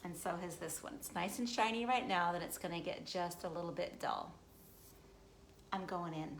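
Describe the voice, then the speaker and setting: A woman's voice: fairly low pitch, moderate pace, slight background noise. A woman hosting a casual cooking demonstration at home, chatty and upbeat as she talks straight to her viewers. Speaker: host of a recipe demo. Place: at home in the US Midwest.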